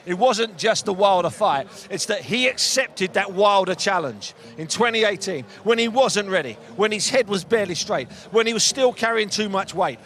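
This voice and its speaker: A man's voice: sits high, animated, normal speed, few pauses, fairly bright tone. A man presenting casual boxing talk on radio, telling anecdotes and quoting people. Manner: anecdotal, quotes people in put-on voices.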